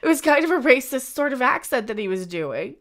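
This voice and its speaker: A bright, lively woman co-hosting a casual livestream, her voice rising and falling a lot as she reacts and chats. she sounds keen and expressive, with a tense edge. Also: high voice, fairly quick. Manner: animated, coos in a baby voice at the screen. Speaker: co-host.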